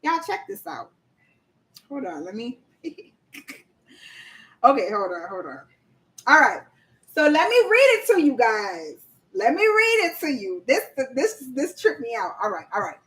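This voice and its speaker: A woman's voice: a little high, huge pitch swings, measured pace, long pauses, fairly bright tone, poor audio. A woman hosting a casual livestream, chatty and slangy, quizzing viewers and reading their chat aloud. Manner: laughs often, slangy, addresses audience as y'all. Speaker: livestream host coaching on government contracts.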